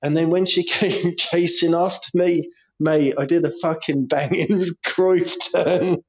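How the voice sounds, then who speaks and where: A man co-hosting a casual football podcast, telling animated stories with lots of laughter and swearing. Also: a little high, unhurried, slightly rough. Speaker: podcast co-host; primary school teacher.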